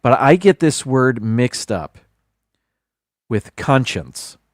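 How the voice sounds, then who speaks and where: A man's voice: medium pitch, big pitch swings, slow, dry recording, studio quality. A man hosting a live stream in casual chat, rambling and repeating words while he thinks.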